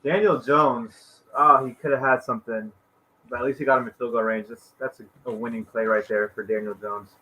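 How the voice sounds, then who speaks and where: A man with a bright, forward voice chats casually about the game on a stream. He talks loosely with lots of filler words and lets his sentences fade out quietly. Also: medium pitch, fairly even intonation, a little fast, rough recording. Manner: chatty, lots of "like", trails off quietly at sentence ends. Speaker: co-host. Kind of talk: casual sports chat on a live stream.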